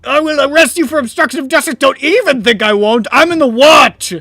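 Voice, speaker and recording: A man's voice: very high-pitched, a little fast, no echo, pitched above the performer's own voice, heavily acted. A man voicing a hungry, blustering male city watchman in a tabletop game. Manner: shouting, blustering.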